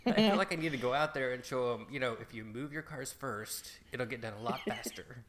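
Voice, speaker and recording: Man, podcast co-host, mid-pitched voice; wry, exasperated anecdote teller. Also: fairly quick, a loud crowd. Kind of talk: casual chat.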